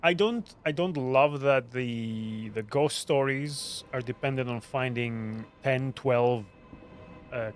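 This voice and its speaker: A man's voice: mid-range voice, slight background noise. A man streaming a video game, musing aloud with hesitant restarts. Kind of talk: casual let's-play commentary. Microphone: podcast mic.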